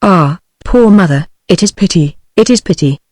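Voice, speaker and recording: A bewildered old peasant father, read by a text-to-speech voice at a medium pitch. The reading is even and unshaded, with no change of voice for him. The sound is dry. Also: normal speed, no room sound, natural voice. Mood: puzzled. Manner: plain synthetic reading, no voice change.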